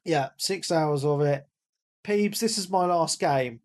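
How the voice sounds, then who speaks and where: A man chatting casually on a gaming podcast, his voice sitting a little high. He rambles, repeats himself and restarts sentences, and he is hoarse from losing his voice. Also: slow. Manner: rambling, repeats words, calls himself a big nerd. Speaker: podcast co-host. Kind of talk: casual chat.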